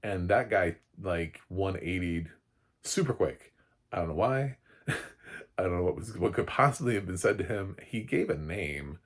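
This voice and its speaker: A man's voice: low voice, expressive, measured pace. A man recapping a TV episode as a film critic, in a rambling, casual way with lots of ums and chuckling asides.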